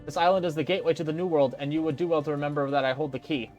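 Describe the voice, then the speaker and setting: A man's voice: on the high side, steady tone, very fast, a little mellow, lo-fi sound, lightly acted. A pompous colonial governor, as a man reads him out lectures and commands with cold condescension. He scolds and gives orders from behind his desk. Faint game music plays underneath. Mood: imperious.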